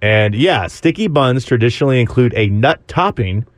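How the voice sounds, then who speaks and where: A man's voice: mid-range voice, animated, moderate pace, no room sound. Man, sports talk host, dry close studio sound, loose and jokey. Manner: joking, rambling, easily sidetracked. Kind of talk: casual banter.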